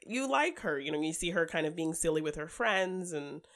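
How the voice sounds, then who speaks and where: This is a woman with a slightly low voice, talking in a loose, chatty way about movies. She laughs easily and keeps slipping into quick impressions of the characters she describes. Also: animated, fairly bright tone. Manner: chatty, giggly, acts out characters' lines. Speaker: podcast co-host. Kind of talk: casual film discussion.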